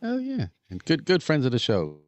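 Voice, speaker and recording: A man's voice: a little high, huge pitch swings, normal speed, no room sound. A man co-hosting a podcast in casual chat, telling stories with frequent laughter. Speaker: podcast co-host.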